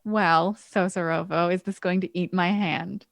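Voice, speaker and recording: A woman's voice: fairly low pitch, fairly even intonation, a little slow, gravelly, dry recording, clean studio sound. A woman playing a tabletop game, cautiously asking the game master questions about her character's actions. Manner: cautious, asks many questions. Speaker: player. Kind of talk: casual tabletop play.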